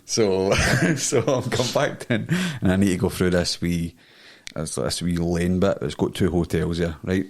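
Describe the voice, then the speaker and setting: A man's voice: low-pitched, measured pace. A Scottish man co-hosting a podcast, telling a crude story in casual chat and laughing often. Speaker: podcast co-host.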